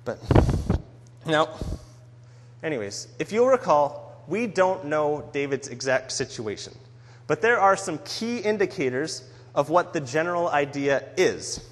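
A man's voice: fairly high pitch, big pitch swings, measured pace, a bit bright. A man giving a sermon on a psalm in an earnest, conversational way. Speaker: preacher. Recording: long hall reverb.

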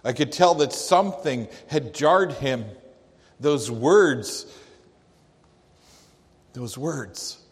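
A man playing a grieving father, slow and hushed. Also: on the high side, lively intonation. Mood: stunned. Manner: slow, halting, hushed storytelling. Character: grieving Jewish father of a crucified thief. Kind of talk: dramatic first-person monologue. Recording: long echoey hall reverb.

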